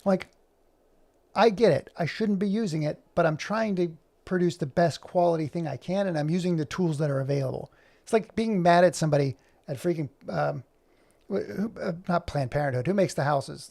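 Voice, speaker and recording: A man's voice: a little high, normal speed, vocal fry, a little mellow. A man ranting in casual chat while he works on animation, heated and rambling, swearing freely as he talks. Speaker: animator and streamer.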